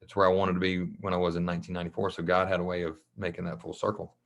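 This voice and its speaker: A man, a coach from Mississippi, telling his story in a casual interview, animated, acting out the voices of people he quotes. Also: deep voice, very fast, gravelly. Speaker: guest, track and football coach. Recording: dull lo-fi podcast audio.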